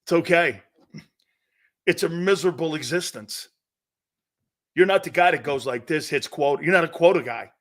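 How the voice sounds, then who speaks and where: A man hosting a sports talk show, brash and excitable, laughing often as he needles his co-hosts. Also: on the high side, moderate pace, long pauses. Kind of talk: loud opinionated sports radio talk.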